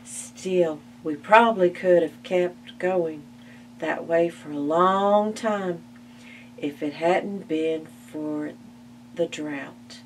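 A woman reading a children's picture book aloud at a library storytime, expressive and gasping at the story's turns. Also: on the low side, extremely slow. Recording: distant mic with faint hum.

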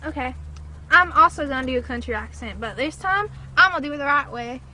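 Bubbly woman, high and bright, casual chat on a boat, faint noise behind. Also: lively intonation, fairly quick. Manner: bubbly, laughs often. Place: outdoors on a small boat.

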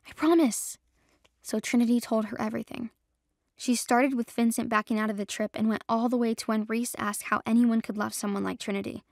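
A woman narrating a romance audio drama in a steady, emotive storytelling manner. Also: on the high side, gravelly, no echo, clean studio sound.

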